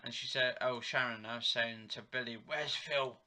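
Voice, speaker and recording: Male reviewer, casual running recap of a TV episode, retells dialogue loosely, voice very bright and tense. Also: mid-range voice, flat delivery, normal speed. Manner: rambling, retells dialogue with "he goes" and "she said". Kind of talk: live play-by-play recap while watching.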